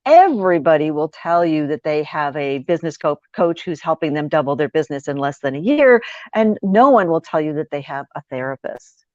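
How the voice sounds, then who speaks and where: A woman business speaker telling stories as an interview guest, lively and full of quick restarts and acted-out quotes. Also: low voice, no room sound. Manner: lively, repeats words and restarts, acts out quotes. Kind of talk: animated storytelling in an interview. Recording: dry, dull lo-fi sound.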